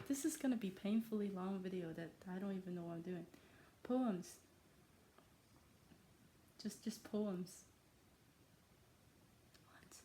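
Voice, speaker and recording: A woman's voice: medium pitch, slow, long pauses, dark tone, a little hiss or hum. A woman from China talking in a self-made accent that blends Irish, American and Chinese sounds, rambling playfully and teasing herself in her own room. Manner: playful, scattered, self-mocking, trails off often. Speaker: vlogger. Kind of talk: casual rambling monologue.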